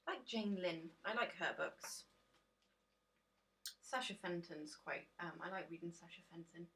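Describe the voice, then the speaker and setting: Bright-voiced woman chatting casually. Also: lowish voice, measured pace, slight background noise. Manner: chatty, rambling, self-deprecating, many ums. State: tired. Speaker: tarot vlogger. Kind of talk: casual deck reveal chat.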